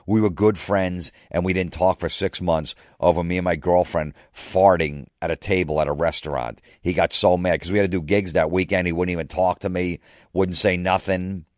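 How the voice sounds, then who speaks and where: A comedian and podcast host telling a rambling comic story in a casual, profane way. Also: male voice, sits low, steady tone, moderate pace, no echo, clean studio sound.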